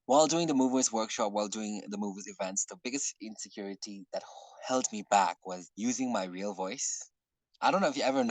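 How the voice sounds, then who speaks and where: A man leading an online workshop in casual talk, earnest and rambling, often clearing his throat. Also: lowish voice, dry recording, rough recording. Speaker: workshop facilitator. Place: online video call.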